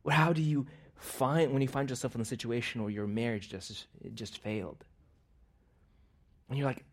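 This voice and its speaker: A man preaching in a church, opening in prayer and then telling a personal story with frequent laughs, swinging between loud bursts and quiet asides. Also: medium pitch, moderate pace, long pauses.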